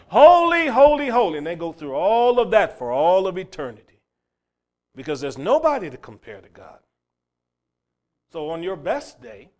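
A man preaching a sermon, swinging from loud calls down to quiet asides. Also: sits high. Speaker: pastor.

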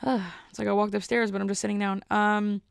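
Rambling woman with a gravelly, flat voice. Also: mid-range voice, quick pace, dry recording, studio quality. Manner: rambling, filler-heavy storytelling. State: a bit out of breath. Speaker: podcast host. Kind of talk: casual solo podcast chat.

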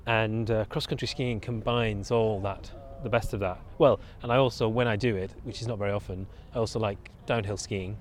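A man's voice: lowish voice, fairly even intonation, fairly quick, hardly any pauses, slight background noise. A middle-aged man from Bolton with a northern English accent, chatting as an interview guest, thoughtful and prone to restarting his sentences. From Bolton, England. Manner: thoughtful, with frequent restarts and self-corrections. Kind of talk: casual conversational interview.

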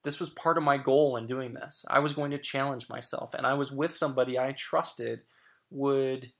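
A man's voice: medium pitch, steady tone, moderate pace, creaky, a bit bright. A middle-aged man sharing candid personal stories as a guest, frank and chatty with lots of fillers and restarts.

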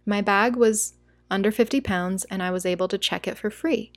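A woman's voice: medium pitch, normal speed, no echo, studio quality. A young American woman telling a travel story in a casual, emotional vlog, talking straight to her viewers. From United States. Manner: chatty, emotional, says "like" and "you guys" a lot. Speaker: travel vlogger.

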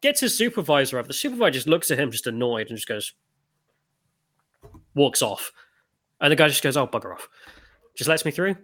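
Animated, bright-voiced man. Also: fairly high pitch, brisk, pauses often. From United Kingdom. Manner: animated storyteller, blunt and swearing. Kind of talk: casual conversation.

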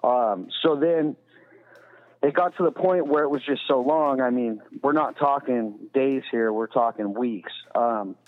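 A man's voice: medium pitch, measured pace. A man telling a story in a casual, profane, rambling way as a podcast guest, full of "you know". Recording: tinny phone-like sound with long reverb.

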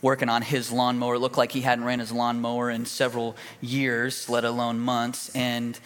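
Male pastor, mid-pitched, folksy storyteller with restarts, delivering a sermon in a reverberant church hall. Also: completely flat delivery, moderate pace, a bit bright. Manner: folksy, conversational, with fillers and restarts.

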